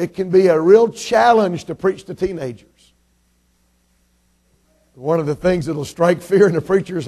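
Male visiting preacher from Illinois, slightly high, mellow tone, sermon delivery that swings from soft asides to forceful proclamation. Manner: shifts from soft, low-key thanks to loud, emphatic preaching and scripture reading.

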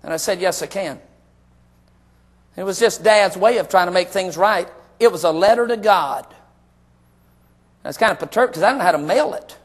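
A middle-aged man preaching a sermon as pastor, moving from hushed personal storytelling to shouted, emphatic exclamations. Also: sits high, brisk.

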